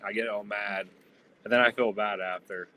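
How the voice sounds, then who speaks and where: A man's voice: lowish voice, fairly even intonation, normal speed, pushed and bright, slight background noise. A man co-hosting a casual chat, rambling with lots of fillers.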